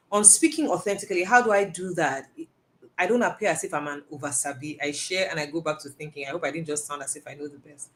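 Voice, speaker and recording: A woman's voice: deep voice, fairly bright tone. A woman giving a live talk, answering audience questions in an earnest, emphatic way and repeating phrases for stress. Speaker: personal development speaker.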